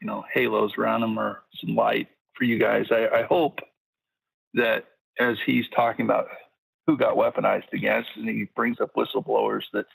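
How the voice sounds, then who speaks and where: A man calling in to a talk show in casual chat, with a measured, agreeable manner. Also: fairly low pitch, level tone, creaky, breathy edge, no echo, low-quality recording. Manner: measured, agreeable, many "yeah"s. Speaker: caller.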